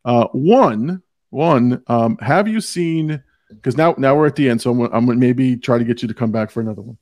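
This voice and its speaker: A man's voice: medium pitch, animated, moderate pace, a little mellow, dry recording, studio quality. A man hosting a movie podcast in casual chat, rambling and stumbling over his words, swearing freely. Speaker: podcast host.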